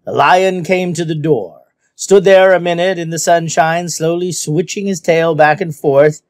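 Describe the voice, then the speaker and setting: A man's voice: fairly high pitch, steady tone, measured pace, dry recording, clean studio sound. A man reading a novel aloud as scripted narration, telling the story expressively. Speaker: audiobook reader.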